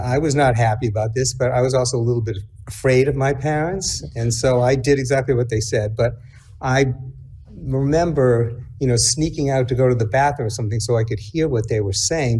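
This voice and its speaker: A middle-aged man delivers a eulogy at a memorial service, his voice mellow and a touch husky. He talks in a halting, reflective way, with pauses and small fillers. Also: medium pitch. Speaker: eulogy speaker, son.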